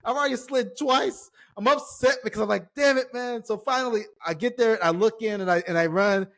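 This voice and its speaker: Animated male storyteller, higher voice. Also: a little fast. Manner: animated storyteller, acts out quotes, swears casually. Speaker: former pro baseball player, guest. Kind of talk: casual storytelling chat.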